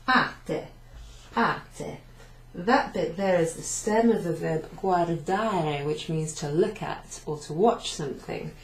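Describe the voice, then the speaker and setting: This British teacher guides a beginners' language class through a whiteboard lesson step by step, with fillers. Her voice is lowish, and the echoey venue classroom carries slight background noise.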